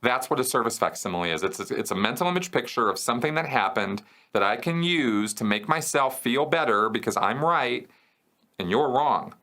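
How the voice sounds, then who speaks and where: Bright-voiced man explaining casually. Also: mid-range voice, expressive, moderate pace. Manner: conversational, checks in with "okay?" and "right?". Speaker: host answering viewer questions.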